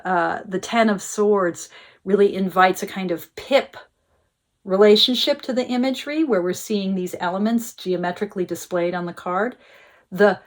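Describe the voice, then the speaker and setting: A woman teaching tarot, explaining ideas at a measured pace, often checking in with her listeners and pausing on filler sounds. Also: lowish voice. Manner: thoughtful, checks in with listeners, many filler uhs. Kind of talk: explanatory talk to camera.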